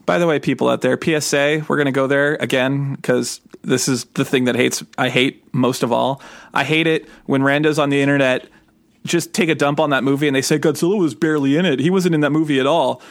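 A man in his thirties co-hosting a casual podcast chat, lively and acting out quoted voices as he tells stories. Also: mid-range voice, fairly quick, no room sound. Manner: animated, acts out quoted voices. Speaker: podcast co-host.

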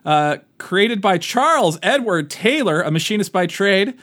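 A man's voice: sits high, lively intonation, a little slow, a bit bright. A man co-hosting a podcast in casual chat, teasing his friend playfully. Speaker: podcast co-host.

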